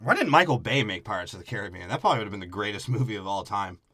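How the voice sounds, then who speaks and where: Male podcast co-host, quick crude comedic riffs, bright edgy tone, dry close sound. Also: fairly low pitch, animated, no room sound. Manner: rapid joking delivery. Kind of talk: crude comedic movie riffing.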